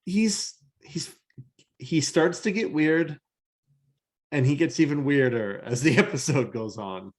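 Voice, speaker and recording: A man's voice: fairly high pitch, slow. A man co-hosting a podcast in casual chat, joking and laughing as he talks through the episode. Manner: jokey, laughs through remarks. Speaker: podcast co-host.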